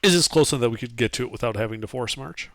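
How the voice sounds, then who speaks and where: A man's voice: mid-range voice, racing, a bit bright, dry recording. A man taking part as a player in a tabletop game, asking questions casually. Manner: inquisitive, asking many questions.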